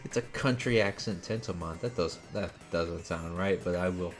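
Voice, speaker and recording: A man's voice: low voice, moderate pace, faint music behind. A man streaming a video game, talking casually and muttering to himself as he plays. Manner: laid-back, muttering to himself. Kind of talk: casual gameplay commentary.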